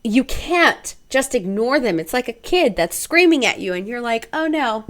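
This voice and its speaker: A woman's voice: on the high side, big pitch swings, moderate pace. A young woman hosting a solo podcast, speaking bluntly and expressively, swearing freely and acting out inner voices. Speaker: podcast host. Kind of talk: casual solo podcast monologue.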